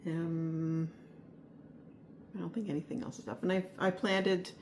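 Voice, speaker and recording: A woman's voice: lowish voice, flat delivery, measured pace, a little mellow, slight background noise. A woman giving a casual weekly garden update, rambling and hesitant with many fillers and restarts. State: a little out of breath. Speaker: vlogger. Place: home, upstairs spare room.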